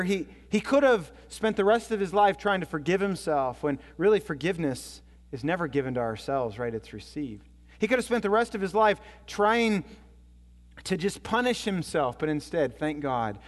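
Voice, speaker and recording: A male pastor delivering a sermon with a fairly high voice, his words ringing through a long hall reverb. He tells stories, climbing loud and excited, then dropping to a hushed, low tone. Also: moderate pace.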